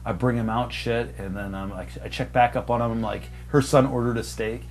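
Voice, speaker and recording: A young man, a server and podcast co-host, telling a profane story and acting out customers in sudden high, loud bursts. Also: normal speed. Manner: animated, profane, acts out customers in raised voices. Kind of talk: casual storytelling chat.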